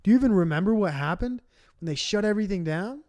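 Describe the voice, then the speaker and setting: High-voiced man ranting profanely. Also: animated, fast, darkish tone. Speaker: streamer. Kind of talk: livestream reaction commentary.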